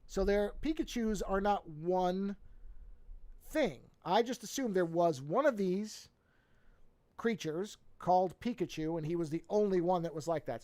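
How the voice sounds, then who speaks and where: A man's voice: high-pitched, animated, moderate pace, darkish tone. A man in his forties who chats casually while drawing on a live stream, rambling and correcting himself as he goes. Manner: rambling, self-correcting, chatty asides. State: yawning, a bit sleepy. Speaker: artist streaming a drawing session.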